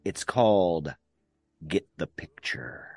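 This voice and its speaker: A man's voice: deep voice, expressive, slow, creaky, no room sound, faint music behind. A man hosting a podcast in casual chat, laid-back and joking as he introduces a game. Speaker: podcast host.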